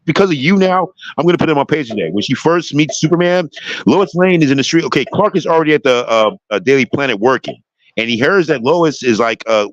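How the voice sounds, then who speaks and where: A man's voice: mid-range voice, no room sound. A man hosting a casual chat, talking with enthusiasm and rambling, with many restarts, over a slightly dull lo-fi mic. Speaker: show host. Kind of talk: casual chat about a TV show.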